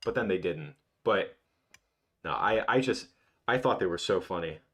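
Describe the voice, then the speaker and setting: Low-voiced young man rambling on a livestream. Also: expressive, normal speed, fairly bright tone, husky. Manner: rambling, reminiscing, full of restarts. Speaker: livestream host. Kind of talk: casual livestream chat.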